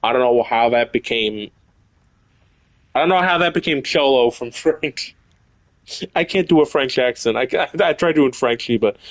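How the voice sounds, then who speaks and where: A young man streaming a video game, swearing excitably and reading in-game notes aloud. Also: medium pitch, moderate pace, no echo. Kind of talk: casual live gameplay commentary.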